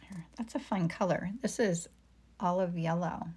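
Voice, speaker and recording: A woman's voice: fairly low pitch, normal speed, darkish tone, breathy edge. A middle-aged woman chatting casually with viewers while she paints, reading their comments aloud and murmuring to herself as she works. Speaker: painter live-streaming a demo. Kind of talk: casual live-stream chat while painting.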